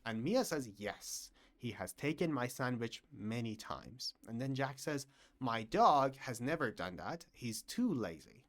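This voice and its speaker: A man teaching English grammar to learners, his pitch rising and falling a lot as he talks. He speaks slowly and clearly, saying each example sentence twice so it sinks in. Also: very animated, fairly bright tone.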